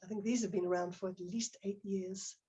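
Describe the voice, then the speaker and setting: Husky woman presenting a webinar. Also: mid-range voice, steady tone, fairly quick, mellow. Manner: explanatory, reads out chat comments from participants. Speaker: teacher trainer presenting a webinar.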